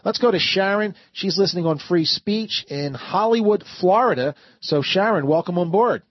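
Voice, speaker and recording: A man hosting a call-in talk radio show, earnest and quick to cut callers off. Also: high-pitched, lively intonation, no room sound, lo-fi sound. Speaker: guest radio show host.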